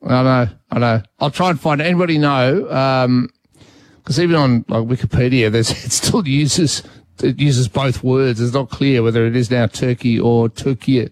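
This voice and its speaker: A talkback radio host, an Australian man, chats casually with callers and thinks out loud, often restarting his sentences. His mid-range voice is recorded dry and close on a studio mic. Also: mid-range voice, moderate pace, no room sound. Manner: chatty, thinks aloud with restarts.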